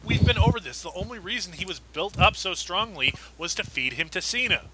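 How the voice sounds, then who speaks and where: A man's voice: high-pitched, animated, fairly quick, bright, forceful tone, slight background noise, low-quality recording. A man co-hosting a podcast in casual chat, wry and giggly, sounding dry. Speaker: podcast co-host.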